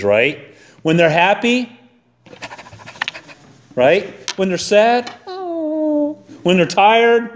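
A middle-aged male pastor preaching in a church sanctuary. He keeps the sermon folksy and conversational, with a fairly high voice for a man.

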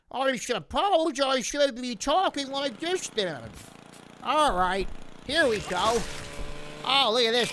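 A man voicing an elderly, chatty cartoon lemon who rambles and exclaims while playing a video game, with clear game noise behind him. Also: sits high. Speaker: game commentator. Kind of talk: let's play commentary.

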